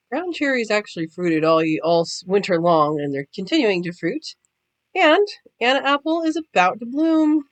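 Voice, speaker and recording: A woman's voice: mid-range voice, a little hiss or hum, low-quality recording. Chatty woman touring her garden. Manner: chatty, talks sweetly to pets and rabbits. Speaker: homesteading vlogger. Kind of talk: casual garden walkthrough. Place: outdoor yard and garden.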